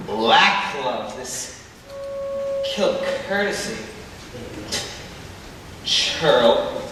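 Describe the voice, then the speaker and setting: A teenage boy playing a mischievous male fairy sprite in a school stage play, slow and mocking with jokey asides, recorded in an echoey hall from far off. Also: sits high, fairly bright tone, slight background noise. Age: teens. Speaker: student actor.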